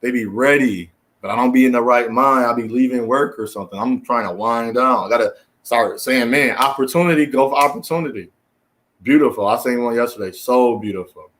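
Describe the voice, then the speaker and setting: A man, delivering a preachy, emphatic solo monologue as a commentary host, often climbing high in exasperation and repeating phrases. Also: steady tone, fairly quick, fairly bright tone. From United States.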